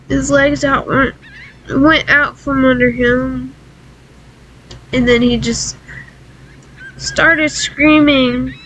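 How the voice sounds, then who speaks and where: A woman with a high, bright voice tells a painful personal story, crying and pausing as she talks. Her speech is slow and halting, and she breaks off often. A faint hiss sits under the recording. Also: poor audio. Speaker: vlogger.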